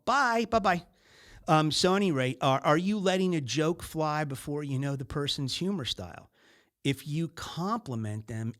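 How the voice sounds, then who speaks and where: A man's voice: mid-range voice, a bit bright. A middle-aged man hosting a podcast in a casual business-talk style, who acts out little scenes in other voices. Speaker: podcast host.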